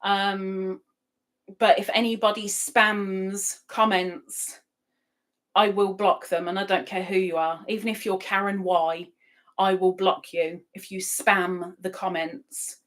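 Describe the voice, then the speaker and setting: A woman hosts a casual live stream, speaking slowly with a medium pitch and level tone. She chats, reads out viewer comments and laughs frequently.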